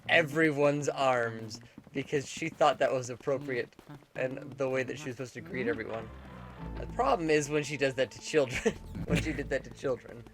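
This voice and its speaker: A man in a relaxed gaming chat, talking in a wry, low-key way at a middle pitch. Game music plays loudly under his voice the whole time. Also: normal speed. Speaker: let's play co-host.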